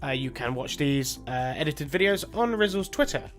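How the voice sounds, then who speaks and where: A man's voice: fairly high pitch, expressive, moderate pace. A man in a pre-recorded message, giving cheeky, profane instructions as the show's videographer. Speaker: resident videographer. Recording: played-back recording with music behind.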